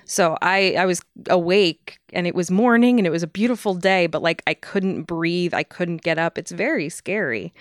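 A woman on a podcast chatting casually and trading quick asides. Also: fairly low pitch, no room sound, studio quality. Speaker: podcast co-host. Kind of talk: casual chat.

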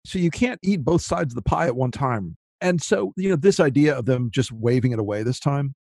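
A man's voice: mid-range voice, expressive, brisk, creaky, warm tone, dry recording, studio quality. A man on a political podcast panel, talking animatedly and acting out quotes in mock voices, swearing freely. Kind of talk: casual panel discussion.

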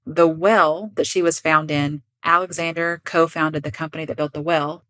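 A woman co-hosts a true-crime podcast in easy, animated chat. Her voice sits a little low and she laughs as she tells the story. The sound is dry and close. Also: normal speed, no room sound. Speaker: podcast co-host.

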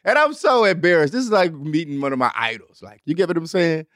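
Man, host, young adult, animated profane storytelling, slightly high voice, dry sound. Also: brisk, no echo. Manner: animated, profane, acts out voices with big pitch jumps. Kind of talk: storytelling monologue.

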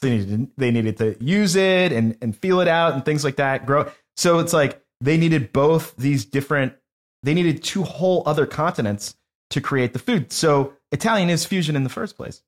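A young man co-hosting a casual food chat, playful and animated as he tells stories. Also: fairly high pitch, moderate pace. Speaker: podcast co-host.

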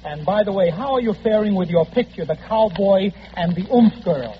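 A man trading eager, fast quips in 1930s radio comedy banter. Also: high voice, expressive, slight background noise. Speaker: comedian and guest star. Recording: dull 1939 radio broadcast recording.

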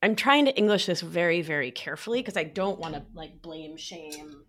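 A woman talking as a podcast guest in casual chat, playful and animated, with lots of fillers and sudden high sing-song asides. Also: moderate pace. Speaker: podcast guest, nurse practitioner.

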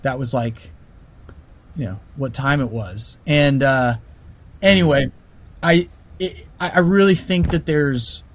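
A man telling a personal story casually, animated and full of fillers and restarts. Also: mid-range voice, slow pace, pauses often.

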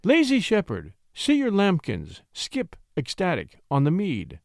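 A man's voice: high-pitched, wildly swooping pitch, measured pace, vocal fry, no echo, studio quality, voice pushed up, exaggerated voice. A man voicing an earnest young shepherd poet who speaks with respectful ardor.

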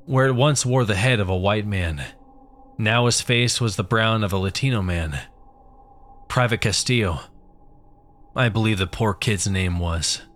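Man, fairly low voice, horror story narrator, steady, grim. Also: measured pace, pauses often.

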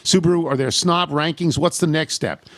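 A man's voice: on the high side, moderate pace, fairly bright tone, no room sound. A man hosting a radio show, reading listener emails aloud with a wry, amused delivery and the odd laugh. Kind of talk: reading listener mail aloud with dry humor.

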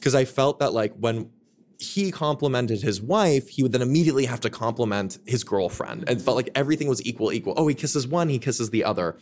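A man's voice: medium pitch, expressive, brisk, darkish tone. A man in his twenties telling candid, profane stories as a guest author on a casual podcast.

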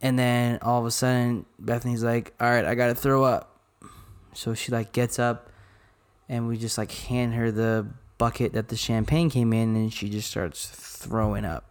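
A man from Arizona, co-hosting a podcast, retelling a night out in a casual, animated way full of quoted dialogue and swearing. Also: mid-range voice, moderate pace, clear, resonant tone. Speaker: podcast co-host. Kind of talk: casual storytelling chat.

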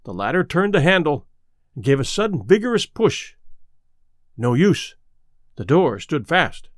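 Man narrating, ghost story, expressive, lively pitch, dry close recording. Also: measured pace, no echo. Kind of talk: scripted narration.

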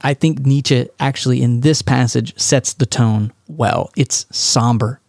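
A man's voice: mid-range voice, measured pace, darkish tone, no echo, clean studio sound. A man from Texas hosting a podcast, talking through a monologue in a conversational, wry way. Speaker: podcast host.

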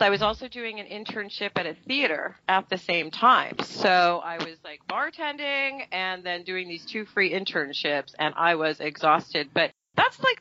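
A woman's voice: muffled recording, slight background noise. A woman actress chatting in an interview, telling stories animatedly and acting out other people's lines. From New York. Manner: animated storytelling, acting out quotes with big pitch jumps. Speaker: actress and guest. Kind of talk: casual interview chat.

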